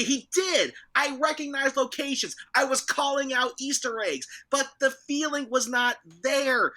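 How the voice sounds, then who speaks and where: Blunt male co-host who argues his point in casual chat; bright tone. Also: extremely high pitch. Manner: blunt, argumentative.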